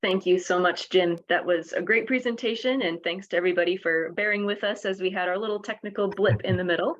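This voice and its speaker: A woman's voice: medium pitch, fast talker, dull audio. A woman moderating the questions of a webinar over a video call, friendly and lightly joking.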